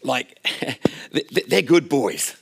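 A man's voice: mid-range voice, big pitch swings, slow pace, gravelly, husky, heavily acted. A man voicing a pushy mother who wheedles and coaxes on behalf of her two sons. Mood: coaxing. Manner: wheedling, coaxing.

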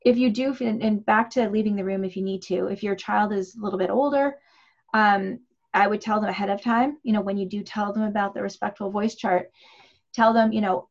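A woman's voice: mid-range voice, steady tone, a little fast. A woman parenting coach giving advice in a chatty way, full of fillers and restarts. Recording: dull lo-fi audio.

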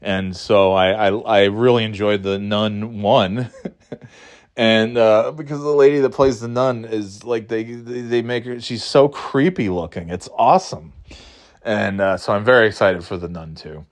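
A man's voice: lowish voice, fairly even intonation, unhurried. Rambling, profane male movie podcaster. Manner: rambling and profane, acting out scenes with mocking voices. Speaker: podcast host. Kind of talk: casual movie chat.

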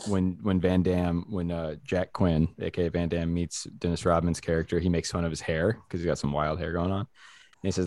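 Low-voiced rambling podcast guy. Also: little pitch movement, a little fast, a little mellow, dry recording. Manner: rambling, many "like"s and restarts, laughs often. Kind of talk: casual crude banter about a movie.

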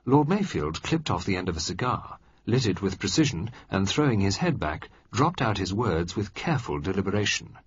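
Husky male audiobook narrator. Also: lowish voice, very animated, normal speed, hardly any pauses, no room sound. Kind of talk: scripted narration. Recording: slightly muffled dry recording.

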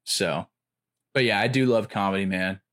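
Guy rambling casually, kinda low voice, lots of "like", gets animated retelling bits. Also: normal speed. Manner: rambling, many "like" fillers, animated when quoting comedians. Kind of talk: casual chat.

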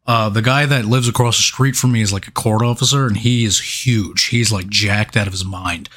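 A man's voice: on the low side, moderate pace. A man co-hosting a podcast, telling a long casual story full of swearing and laughs. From New York. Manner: profane, animated anecdote with laughs. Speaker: podcast co-host.

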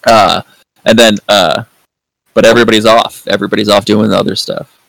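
A man's voice: on the low side, flat delivery, a little fast, vocal fry, fairly bright tone, no room sound, poor audio. A man hosting a podcast in casual review chat, rambling with lots of fillers and free swearing. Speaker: podcast host.

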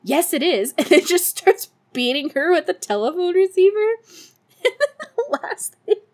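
A woman's voice: extremely high pitch, animated, unhurried. A woman hosting a podcast, recapping a movie casually, laughing often and swearing freely. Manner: giggly, laughs often between sentences. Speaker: podcast host.

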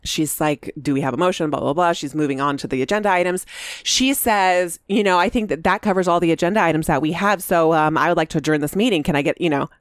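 A woman telling a story in casual chat, animated, acting out what people said. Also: lowish voice, fast, dry recording, studio quality. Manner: animated storytelling, acts out quotes. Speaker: local school meeting commentator.

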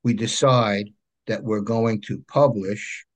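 A man's voice: lowish voice, slow pace. Chatty New York man telling stories. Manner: animated anecdotes, frequent "right?" check-ins. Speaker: guest, comic book creator. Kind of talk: casual storytelling interview.

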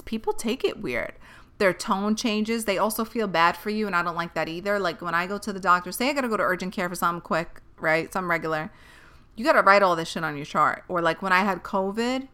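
A woman's voice: mid-range voice, bright, forceful tone. A young woman podcast host speaking candidly and bluntly, with frequent swearing and emphatic delivery. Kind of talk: candid personal monologue.

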